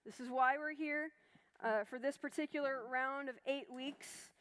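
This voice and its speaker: A woman's voice: high voice, steady tone, measured pace, fairly bright tone. A woman teaching a Bible study class in a chatty, reassuring way, with many fillers and restarts. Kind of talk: informal class lecture.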